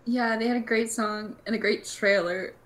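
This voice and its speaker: A young woman hosting a casual podcast, talking in an animated, chatty way with lots of fillers. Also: a little high, moderate pace. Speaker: podcast host.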